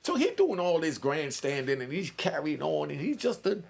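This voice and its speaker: Against a noisy background, a man in his 60s runs a loose livestream commentary at a moderate pace, his fairly high voice gravelly and sing-song. His streetwise storytelling is peppered with "you know what I mean" as he checks that you're following.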